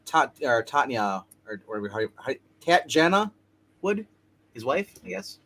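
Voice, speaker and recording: A man's voice: mid-range voice, sing-song, unhurried, a bit bright. A man co-hosting a casual livestream chat, making offhand remarks and stumbling over names.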